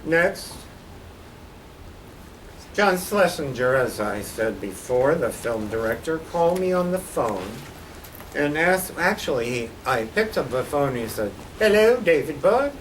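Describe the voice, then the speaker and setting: In a college lecture hall, captured by a distant mic over faint background noise, an older visiting artist talks through slides of his posters with dry humor. His mid-range voice is a bit bright, lively in intonation, and unhurried.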